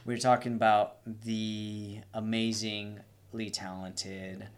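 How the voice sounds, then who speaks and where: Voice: mid-range voice, level tone, takes it slowly, clear, resonant tone. Enthusiastic fan-like podcast co-host. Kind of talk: casual chat.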